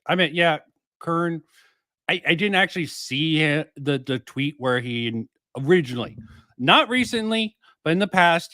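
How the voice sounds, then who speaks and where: A man hosting a livestream with a somewhat high voice, talking loosely and profanely with lots of "uh"s and restarts. The sound is dry and close, with no room around it. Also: a bit bright, no room sound. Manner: rambling, profane, frequent fillers and restarts. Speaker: streamer and commentator. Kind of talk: casual livestream commentary.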